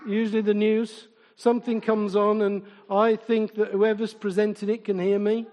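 High-voiced preacher in an echoing hall. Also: male voice, flat delivery, normal speed, a little mellow. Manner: informal and chatty, asks the congregation repeated questions, tells humorous anecdotes. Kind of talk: conversational sermon. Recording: long reverb in a large hall.

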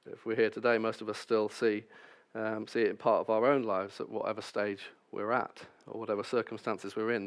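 Male preacher, lowish voice, scripture reading mixed with wry asides. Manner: reads scripture then preaches with self-deprecating asides. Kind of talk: sermon.

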